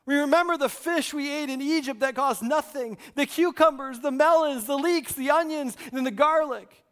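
A pastor voicing a whiny, complaining crowd of desert wanderers in a sermon. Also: male voice, sits high, sing-song, unhurried, fairly bright tone, big-room sound, heavily acted.

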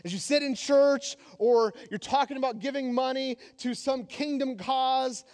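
Male pastor, sermon, very high voice, animated and joking, emphatic, church, long echoing reverb. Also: unhurried. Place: church sanctuary.

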